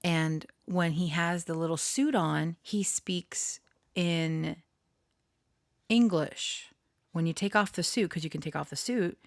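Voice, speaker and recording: Recorded in clean studio sound with no echo, a low-voiced woman tells a rambling personal story. As a channeler and storyteller speaking in a casual monologue, she giggles frequently and starts sentences over with many fillers. She seems self-conscious and embarrassed.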